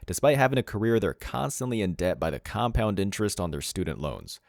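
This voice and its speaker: A man's voice: fairly low pitch, big pitch swings, brisk, vocal fry, dry recording, clean studio sound. A man reading scripted commentary in a mocking, derisive manner. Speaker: channel commentator.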